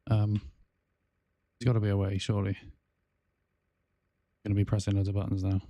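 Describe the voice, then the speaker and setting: A gaming streamer from South Wales, with a South Welsh accent, chats casually on a livestream, rambling with lots of fillers and restarts. His voice is fairly low, mellow and completely flat, at normal speed, with no echo.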